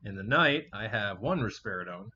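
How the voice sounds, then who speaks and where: A man with a fairly low voice talks in a loose, rambling way, swearing often and filling gaps with "like" and "um". The recording is dull and lo-fi, with a faint hiss underneath. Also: animated, moderate pace. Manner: rambling, swears freely, frequent fillers. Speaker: podcast host. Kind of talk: casual chat. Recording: muffled lo-fi home recording.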